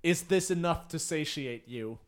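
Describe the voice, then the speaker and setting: A man's voice: fairly high pitch, expressive, a little slow. A man voicing a zealous cult spokesman. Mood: solemn.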